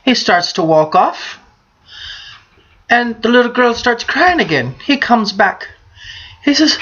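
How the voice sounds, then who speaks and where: A brash woman vlogger who tells crude jokes over a beer. Her voice is bright and swoops around a lot. The sound is dull and lo-fi. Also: fairly high pitch, very animated, slow pace, pauses often. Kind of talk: casual beer-drinking vlog with bawdy jokes.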